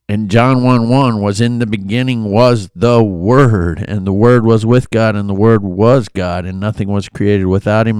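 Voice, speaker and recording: Low, smooth-voiced man talking through scripture. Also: a little mellow, no echo. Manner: conversational, earnest, with many asides and restarts. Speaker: Bible devotional host. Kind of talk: informal Bible commentary.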